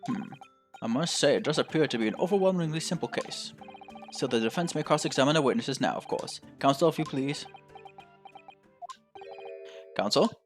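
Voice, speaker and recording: A man voicing a stern judge with a formal, measured manner, in a game playthrough. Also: fairly high pitch, lively intonation, soft background music, natural voice. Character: stern older male judge.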